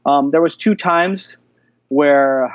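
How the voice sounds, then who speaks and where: Man, podcast guest, chatty animated storyteller, slightly high voice, dull dry audio. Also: slow, no echo. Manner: animated storyteller, many fillers. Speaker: guest, jiu-jitsu black belt instructor. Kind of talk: casual podcast interview.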